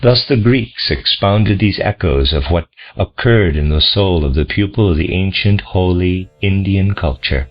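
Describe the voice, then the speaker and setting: Deep-voiced guy reading out a lecture, solemn and measured, muffled lo-fi sound. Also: expressive. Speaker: audiobook reader. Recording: dull lo-fi recording.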